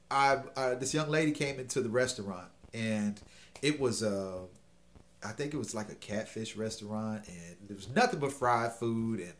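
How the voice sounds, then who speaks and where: A middle-aged man hosting a show, telling a dating story in casual advice talk and checking in often with "okay?". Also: mid-range voice. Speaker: host giving dating advice.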